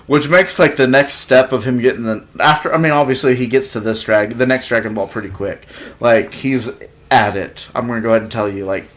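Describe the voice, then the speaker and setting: A man's voice: mid-range voice, brisk. A man co-hosting a podcast, chatting casually and acting out scenes from an anime. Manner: animated, acts out scenes in silly voices. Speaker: podcast co-host. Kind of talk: casual chat.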